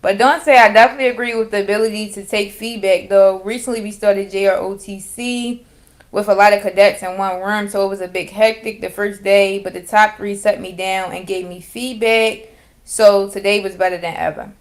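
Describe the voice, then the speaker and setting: A young woman chatting on a video call, upbeat and animated, with many "like" fillers. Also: medium pitch, a little fast. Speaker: participant. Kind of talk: casual chat on a video call.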